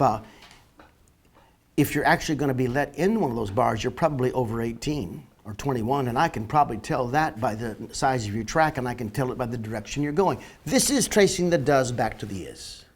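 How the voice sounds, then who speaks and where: A man lecturing on marketing to online viewers, emphatic and slowing down to stress key words. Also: medium pitch, breathy edge. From northern Canada. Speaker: marketing educator. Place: Florida, near the beach.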